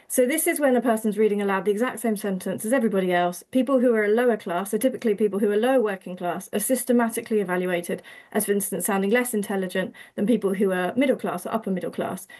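A woman with an Essex accent answers interview questions as an academic guest. She explains clearly and at length, her pitch sitting in a middle range. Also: darkish tone. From Essex, England. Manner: articulate, explanatory.

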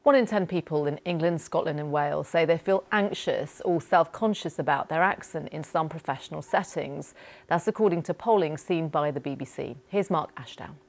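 A woman presenting the news in a clear, formal reading style. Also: deep voice, moderate pace.

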